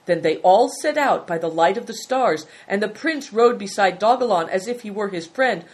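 A woman doing a calm, sly old servant. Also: mid-range voice, moderate pace, voice pushed up, natural voice. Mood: deferential. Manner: calm, formal, deferential. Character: calm, sly male servant, deferential and wordy.

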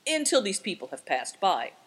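A woman's voice: medium pitch, huge pitch swings, normal speed, fairly bright tone, husky, heavily acted. A woman reading aloud voices an impudent, easily alarmed young man. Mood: cheeky.

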